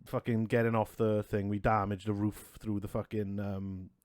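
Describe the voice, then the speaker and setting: A man's voice: fairly low pitch, flat delivery, moderate pace, a little mellow, dry recording, studio quality. A man hosting a podcast, telling crude stories in casual chat, swearing and laughing a lot. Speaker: podcast host.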